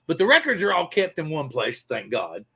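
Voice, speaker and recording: A man's voice: on the high side, wildly swooping pitch, moderate pace, creaky, a bit bright, husky. A man hosting a casual live stream, rambling loosely and greeting viewers by name. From Pacific Northwest. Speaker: livestream host.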